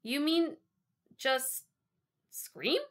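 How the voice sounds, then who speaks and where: Woman doing a loud, overeager boy. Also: high voice, big pitch swings, slow, voice pushed up, heavily acted. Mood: eager. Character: eager, nervous boy auditioning.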